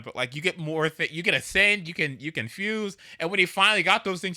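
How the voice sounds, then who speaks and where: Guy streaming a game, kinda high voice, really bright, rambles and cusses and whoops. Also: a little fast, hardly any pauses. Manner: rambling and animated, with restarts, swearing and sudden whoops. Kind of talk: casual gameplay chat.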